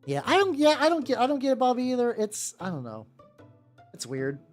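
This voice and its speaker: Rambling woman streamer, lively pitch. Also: fairly quick, faint music behind. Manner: rambling, self-interrupting, wry. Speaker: VTuber streamer. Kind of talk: casual chat while painting miniatures.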